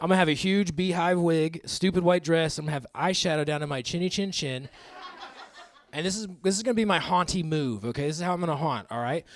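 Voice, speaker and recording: A man in his thirties doing live stand-up comedy on a club stage, crude and self-mocking, with quick asides to the crowd. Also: on the high side, dry recording. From American Midwest.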